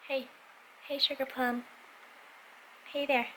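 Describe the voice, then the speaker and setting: A woman's voice: mid-range voice, moderate pace, noisy background. Rambling young woman vlogging at home. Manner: rambling, filler-heavy, drops to half-whispers. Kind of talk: casual vlog chat. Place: at home, bathroom then bedroom.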